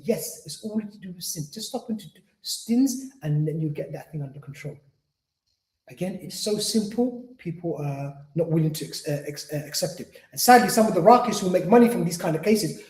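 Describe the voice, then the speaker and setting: With a high-pitched, darkish voice, a man lectures earnestly at an Islamic centre, repeating himself and acting out quoted patients. The recording has a roomy echo.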